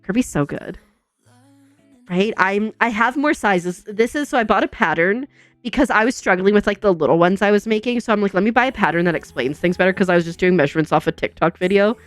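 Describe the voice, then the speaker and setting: A young woman streaming from home, chatting casually with viewers, bubbly and chatty, full of "like" and quick laughs. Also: medium pitch, no room sound. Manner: says "like" a lot. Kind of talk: casual chat with chat readers. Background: soft background music.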